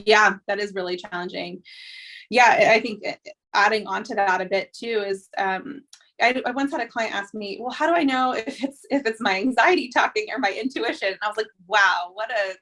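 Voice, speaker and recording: A woman hosting a podcast, talking in a relaxed, reflective way with many pauses and fillers. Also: medium pitch. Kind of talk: casual conversation.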